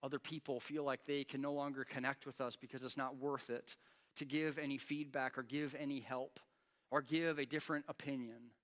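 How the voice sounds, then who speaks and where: A man preaching a sermon as pastor, animated and acting out quoted lines with rising intensity. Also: medium pitch, a little fast. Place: church.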